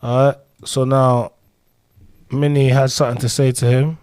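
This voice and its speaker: A man's voice: mid-range voice, little pitch movement, normal speed, darkish tone, smooth, dry recording, clean studio sound. A man co-hosting a casual talk show, bantering playfully and hyping up the audience. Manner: playful, laughing, hypes the audience.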